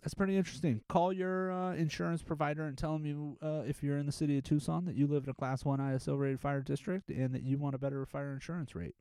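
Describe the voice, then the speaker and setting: A man's voice: fairly high pitch, quick pace, hardly any pauses, clean tone, no room sound. A man, a firefighter hosting a podcast, telling stories in a rambling casual monologue and acting out the quotes. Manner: rambling, animated storytelling with acted-out quotes.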